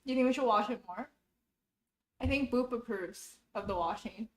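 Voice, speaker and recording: A woman's voice: a little high, moderate pace. A young woman filming a casual cooking vlog at home, chatty and a bit flustered, giggling and talking herself through each step. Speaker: YouTuber cooking for viewers. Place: home kitchen. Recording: roomy kitchen echo, faint noise.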